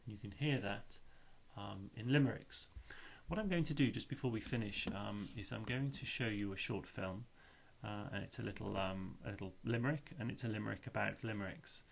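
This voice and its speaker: A man's voice: fairly low pitch, brisk, vocal fry. A male teacher explaining a lesson step by step, chanting rhythms aloud to show the beat.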